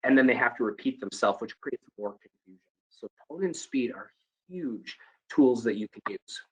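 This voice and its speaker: Husky-voiced man giving call center training. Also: mid-range voice, normal speed, poor audio. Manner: animated, demonstrates tones, varies volume. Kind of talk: training presentation.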